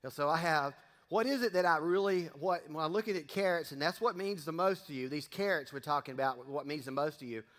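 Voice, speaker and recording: A man's voice: on the high side, brisk, a bit bright. A middle-aged man, giving a casual sermon, folksy and joking with the congregation. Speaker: pastor. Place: church sanctuary. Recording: long reverb of a church hall.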